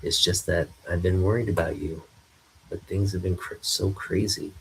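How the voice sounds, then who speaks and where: A man's voice: sits low, steady tone, normal speed, a bit bright, a little hiss or hum, rough recording. A man voicing an awkward, caring young male photographer, reading a comic aloud. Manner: awkward, fumbling.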